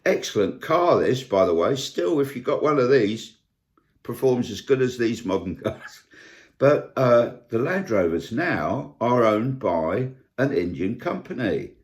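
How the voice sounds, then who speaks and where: A man's voice: medium pitch, very animated, a little slow. An older man, talking in a casual vlog monologue and listing examples with indignant emphasis. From United Kingdom. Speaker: vlogger.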